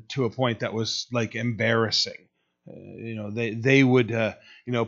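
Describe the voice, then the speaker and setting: A man's voice: mid-range voice, fairly bright tone. A man giving a conversational sermon, rambling with many fillers and restarts. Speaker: preacher. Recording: dull lo-fi recording.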